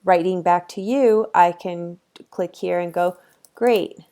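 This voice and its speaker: Easygoing woman teacher walking through software. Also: on the low side, slow pace, clear, resonant tone. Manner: chatty and easygoing, with frequent ums. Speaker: college course instructor. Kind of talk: casual screen-recorded software tutorial.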